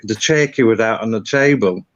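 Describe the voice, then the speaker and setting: A man's voice: on the low side, moderate pace, highs cut off. A man, a guest on a live stream, casually telling a story and laughing at it. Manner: easygoing, laughs at his own story.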